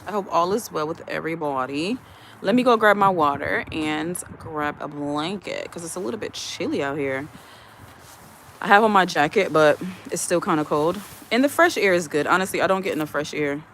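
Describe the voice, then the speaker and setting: Streamer rambling to chat outside on a phone, mid pitch, greeting everyone. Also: lively intonation, normal speed, a bit bright, slight background noise. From USA. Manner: chatty, rambling, greets viewers one by one. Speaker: livestream host. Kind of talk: casual livestream chat, reading viewer comments aloud. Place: outdoors in the evening, chilly. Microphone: phone camera, speaker behind it.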